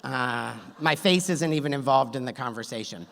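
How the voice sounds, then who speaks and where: A male storyteller on stage, wry and self-deprecating, timing his jokes for a live crowd. His voice sits in a middle pitch through a stage mic, with long hall reverb behind it. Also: normal speed, gravelly, fairly bright tone. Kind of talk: live story slam telling.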